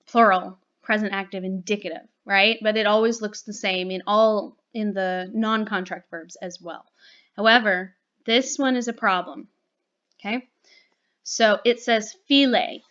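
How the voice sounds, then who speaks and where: A woman's voice: mid-range voice, fairly bright tone, lo-fi sound. A woman teaching a recorded grammar lesson, explaining patiently and checking in with "okay?" and "right?".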